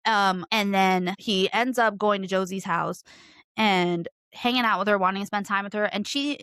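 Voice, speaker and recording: A woman's voice: mid-range voice, moderate pace, fairly bright tone, clear, resonant tone, dry recording. Woman ranting animatedly, swearing freely. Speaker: book reviewer. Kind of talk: casual book review chat.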